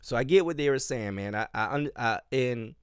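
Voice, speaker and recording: A man's voice: mid-range voice, animated, normal speed, clear, resonant tone, dry recording, studio quality. Rambling Southern man chatting solo. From Miami and Charleston, US South. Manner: rambling, with many fillers and restarts. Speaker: dance teacher and podcast host. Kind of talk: casual solo chat.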